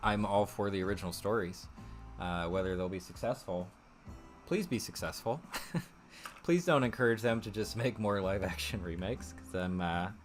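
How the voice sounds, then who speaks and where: A man with a fairly low voice hosting a relaxed live stream. He rambles and thinks out loud, with plenty of ums and small laughs as he goes. Faint guitar music plays quietly behind him. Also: normal speed. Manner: rambling and chatty, laughs often, thinks aloud with many fillers. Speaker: streamer host. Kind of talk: casual live-stream chat.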